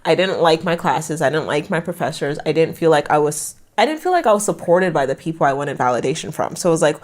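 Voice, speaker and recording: A young American woman telling her own story frankly as a podcast guest, talking in a candid, animated way. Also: deep voice, fast. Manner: frank, animated retelling with laughter. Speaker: podcast guest, branding specialist.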